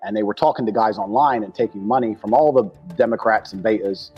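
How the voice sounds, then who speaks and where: A man's voice: on the low side, fast, slightly rough, lo-fi sound, soft background music. A man talking bluntly and crudely, hammering his points by repeating them. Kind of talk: casual talk.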